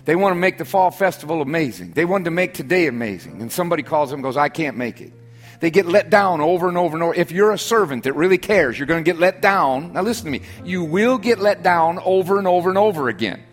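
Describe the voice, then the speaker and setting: A man preaching a sermon as pastor, stressing points by repetition and dropping to soft, quiet asides. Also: animated, fast, faint music behind. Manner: preaching with sudden drops to soft, low, intimate asides and emphatic repetition.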